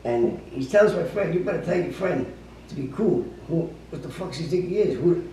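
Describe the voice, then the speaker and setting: A man telling a story in a gruff, profane way and acting out the quotes. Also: fairly high pitch, animated, brisk, warm tone. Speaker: storyteller guest. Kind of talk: casual anecdote telling. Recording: echoey room, distant mic, faint noise.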